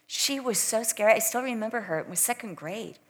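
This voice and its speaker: Older woman preacher, expressive sermon delivery, voice sits a little high, acts out the lines she quotes. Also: fairly quick.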